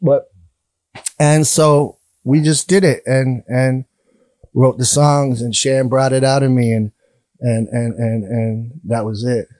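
A man telling animated stories in a casual interview. He acts out other people's voices, laughs often and swears freely. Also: medium pitch, slow pace, no room sound. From Canada. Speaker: guest musician.

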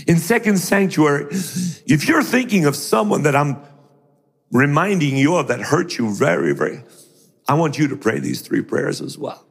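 A man's voice: on the high side, normal speed, gravelly, slightly rough, in a large hall. A middle-aged man preaching a sermon who acts out the voices of the people in his stories. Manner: animated, acts out voices in quotes.

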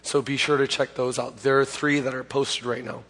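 Hoarse pastor preaching in a reverberant hall. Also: male voice, mid-range voice, flat delivery, moderate pace, fairly bright tone. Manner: chatty, self-correcting, plain-spoken. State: hoarse, recovering from lost voice. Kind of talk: conversational sermon. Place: church sanctuary.

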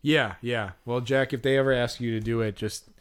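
Steady, smooth, and at a normal speed, his mid-range voice carries a relaxed podcast anecdote. As co-host, he's a chatty storyteller who laughs while talking and imitates the people in his tale.

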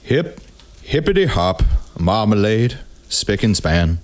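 A man doing an impression of a famous older narrator, reciting rap lines in a slow, measured drawl. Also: fairly low pitch, very animated, slight background noise.

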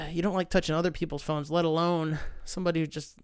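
A man hosting a podcast, telling comic stories in a profane, rambling, animated way. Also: fairly high pitch, fairly quick, clear, resonant tone, no echo, studio quality. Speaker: podcast host. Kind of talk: casual comedic storytelling monologue.

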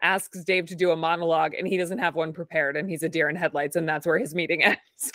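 A woman's voice: deep voice, flat delivery, quick pace, a bit bright, no room sound, studio quality. A woman co-hosting a podcast, recapping an episode with enthusiasm and frequent laughter. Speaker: podcast co-host. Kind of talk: casual recap chat.

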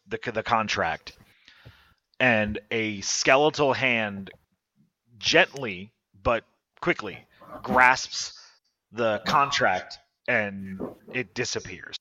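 Bright-voiced man running a tabletop game. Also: on the low side, slow, highs cut off. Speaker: game master.

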